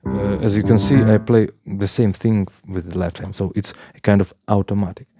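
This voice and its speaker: A man teaching a piano lesson in plain talk, with halting phrasing, counting beats aloud while he plays. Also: fairly low pitch, steady tone. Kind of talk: casual piano tutorial. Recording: piano playing loudly alongside.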